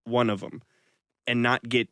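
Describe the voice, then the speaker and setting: Guy co-hosting a chatty podcast, swears a lot, jumps into squeaky voices, dry close mic. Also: moderate pace, clean tone, no echo. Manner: animated, profane, jumps into high-pitched impressions. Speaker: podcast co-host. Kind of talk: casual banter podcast.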